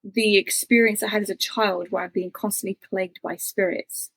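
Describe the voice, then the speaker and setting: A woman's voice: mid-range voice, steady tone, moderate pace, vocal fry, breathy edge, dry recording. A woman, an interview guest telling a personal story in an intense, confessional way with many fillers.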